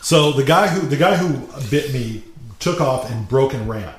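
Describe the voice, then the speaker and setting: A man's voice: medium pitch, animated, moderate pace. A man telling a story in plain, casual chat, swearing freely. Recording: roomy echo with faint hiss.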